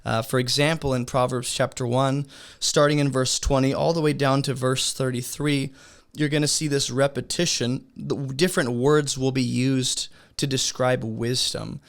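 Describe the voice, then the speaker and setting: A man teaching a beginner's Bible study lesson in a relaxed, conversational way, asking his listeners rhetorical questions. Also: mid-range voice, normal speed, gravelly.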